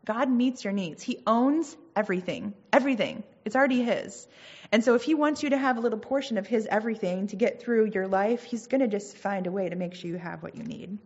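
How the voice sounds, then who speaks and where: A woman's voice: medium pitch, expressive, brisk, darkish tone, breathy edge, dull audio. A woman giving an earnest, conversational Christian teaching, with casual asides between points. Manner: earnest, conversational, reads scripture aloud.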